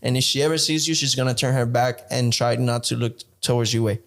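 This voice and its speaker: A man's voice: medium pitch, fairly even intonation, brisk, creaky. A man co-hosting a casual podcast, giving frank advice and swearing casually. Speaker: podcast co-host.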